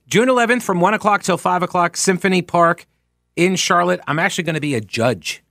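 A man's voice: on the high side, a bit bright, no room sound, studio quality. A man hosting a political talk radio show, ranting in a sarcastic, exasperated way. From United States. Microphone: studio microphone.

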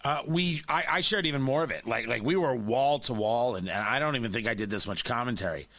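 A man's voice: mid-range voice, fairly quick, a bit bright, no echo. A man hosting a talk radio show, giving opinionated, mocking commentary from a studio microphone.

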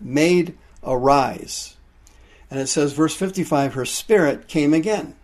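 Slow-preaching man with a husky voice. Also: a little high, a little mellow. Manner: explains Greek words, drawn-out emphatic delivery. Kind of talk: sermon, Bible teaching.

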